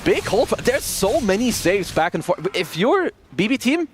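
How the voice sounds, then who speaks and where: A man giving color commentary on an esports match, calmly explaining what the teams are doing. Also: sits high, unhurried, faint music behind. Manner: relaxed analytical explanations. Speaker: esports analyst.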